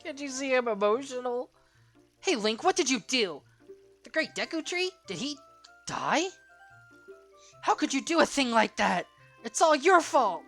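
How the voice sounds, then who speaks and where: A let's player voicing a hot-headed, jealous forest boy in a game, yelling shrill accusations. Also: very animated, unhurried, pauses often, soft background music, full character voice. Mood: indignant.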